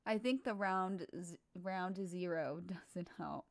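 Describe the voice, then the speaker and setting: A woman's voice: on the low side, slow pace, dry recording. A woman giving casual let's play commentary, self-deprecating, giggly and rambling. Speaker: game streamer.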